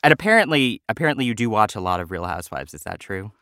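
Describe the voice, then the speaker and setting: A man interviewing an actress, playful and laughing along as he asks quick game questions. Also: on the low side, sing-song, sharp tone, no echo, studio quality. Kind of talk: casual interview.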